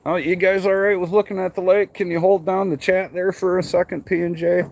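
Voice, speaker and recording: A man's voice: high voice, flat delivery, fairly quick, creaky, darkish tone. A man from Michigan who runs a tree business, chatting casually and swearing freely on a live stream from an outdoor work site. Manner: swears freely, loose rambling talk.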